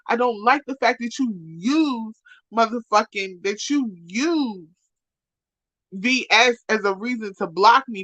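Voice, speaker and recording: A woman speaking, ranting profanely and trading insults on a live stream, loud one moment and muttering the next. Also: a little high, no room sound, poor audio. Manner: profane, insulting, repetitive, swings from shouting to muttering. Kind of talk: angry rant to a live stream.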